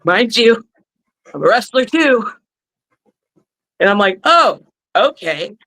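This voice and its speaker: A woman who is a professional wrestler, a guest on a podcast, telling lively stories and cursing freely. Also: medium pitch, slow pace, low-quality recording. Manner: animated storyteller who curses freely. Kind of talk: casual podcast chat.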